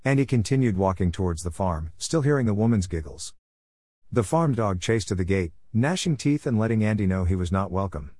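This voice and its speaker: A man narrating a short story in a steady, even reading voice, in a close, dry recording. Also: on the low side, fairly quick, no echo.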